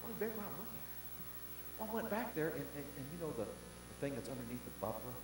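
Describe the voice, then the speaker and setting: A male pastor quoting his puzzled wife in a quiet, matter-of-fact voice during a sermon. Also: medium pitch, sing-song, fairly quick, natural voice. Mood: hushed. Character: his wife, a puzzled soft-spoken woman. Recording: roomy hall with long reverb and faint hum.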